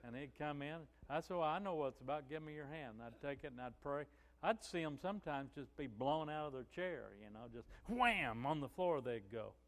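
A man's voice: fairly high pitch, lively intonation, moderate pace, in a large hall. A male pastor preaching a sermon in a conversational storytelling way, with frequent "you know" asides.

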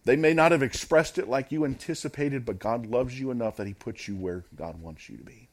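A man's voice: medium pitch, brisk. A man preaching a sermon as pastor, in an emphatic, repetitive preaching cadence.

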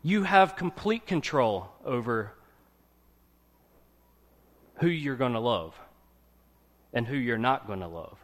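A man giving a casual, conversational sermon to a congregation, often pausing to check in with his listeners. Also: mid-range voice, lively intonation. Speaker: preacher.

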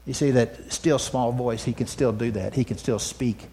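A man's voice: medium pitch, fairly even intonation, moderate pace. Emphatic preacher man. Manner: swings from loud emphatic declarations to soft hushed asides; repeats words and restarts phrases. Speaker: pastor. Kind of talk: sermon.

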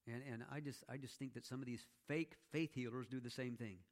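A man delivers a sermon in a loose, conversational way, as if teaching a small group rather than orating. He keeps asking "okay?" and "all right?" to pull listeners along. He drops playful asides into the story, with a voice sitting at a typical middle pitch. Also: fairly even intonation, a little fast. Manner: conversational teaching with frequent "okay?" check-ins. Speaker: pastor.

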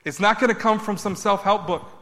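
A man preaching a sermon, building emphatic repeated points and then dropping his voice low. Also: brisk, bright, forceful tone, long reverb tail. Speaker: pastor.

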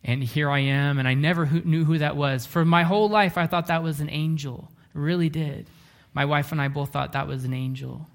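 A man preaching a sermon, telling a story earnestly, slowing down and dropping to a hush for emphasis. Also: medium pitch. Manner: earnest, often slows down and drops to a hush for emphasis. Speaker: pastor.

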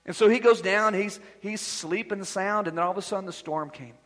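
A pastor preaching a sermon with emphasis, moving between quiet asides and loud declarations. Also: male voice, sits high, brisk, big-room sound.

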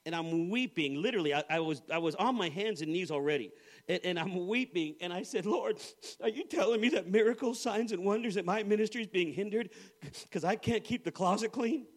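Middle-aged male preacher, high voice, humorous storytelling sermon with acted-out quotes. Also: a little fast. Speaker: pastor.

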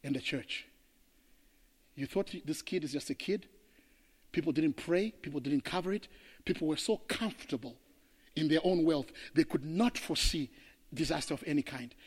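A man from Zimbabwe, a pastor preaching an impassioned sermon that swings between loud declarations and hushed passages. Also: a little high, moderate pace, pauses often, husky, in a large hall.

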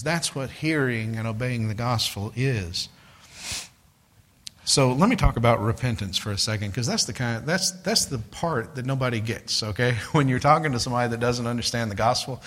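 A man's voice: mid-range voice, fairly bright tone. Guy preaching a sermon, chatty and direct, tells his witnessing stories. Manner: conversational, addresses listeners as "guys"; tells street witnessing stories, voices others in quotes.

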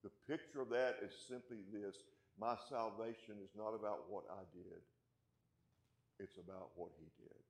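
A man preaching a sermon as pastor, asking his congregation questions and punching key points, then dropping to a hush. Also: lowish voice, fairly even intonation, normal speed, echoey room. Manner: emphatic, rising loud on key points, then dropping quiet; asks the congregation rhetorical questions.

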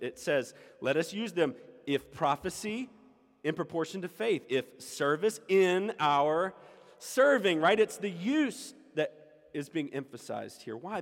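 A man's voice: on the high side, creaky. A man preaching a sermon as pastor, emphatic and repeating his key lines for the congregation. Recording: echoey hall with long reverb.

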